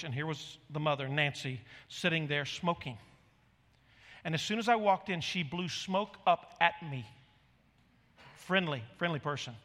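A middle-aged man, a pastor, telling stories during a sermon in an animated, emphatic way. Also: a little high, long reverb tail. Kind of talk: sermon storytelling.

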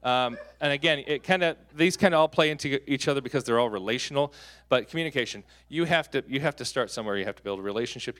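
Animated, joking male pastor preaching. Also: medium pitch, fast. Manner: animated, joking storyteller with sudden loud peaks. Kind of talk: sermon. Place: church hall.

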